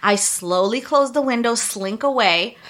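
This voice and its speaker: A woman chats with her co-host in a high, bright voice. She tells her story with lively energy and slips into different voices for each person in it. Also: unhurried. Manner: animated, acts out both sides of the story. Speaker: podcast co-host. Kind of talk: casual storytelling chat.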